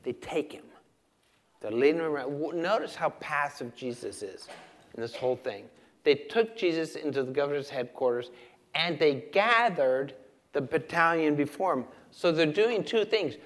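A man preaching a sermon, asking the listeners questions and swinging from loud emphasis to hushed, quiet lines. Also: on the high side, expressive, moderate pace. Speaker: pastor.

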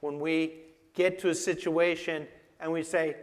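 A man's voice: on the high side, little pitch movement, measured pace. A man preaching a sermon in an emphatic, conversational way, asking his listeners questions. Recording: long reverb of a hall.

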